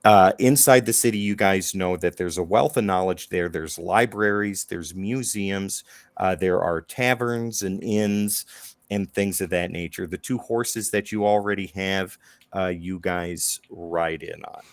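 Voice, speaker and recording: A man narrating as dungeon master in a relaxed, chatty way, with frequent fillers. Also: low-pitched, unhurried, dry recording. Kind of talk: narrating a tabletop game.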